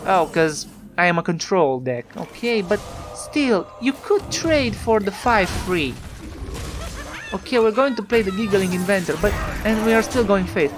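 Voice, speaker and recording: Slow, chatty Italian-accented game commentator. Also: medium pitch, soft background music. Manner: chatty, talks back to the opponent with rhetorical questions. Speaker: card game player commenting on his own match. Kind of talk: casual gameplay commentary.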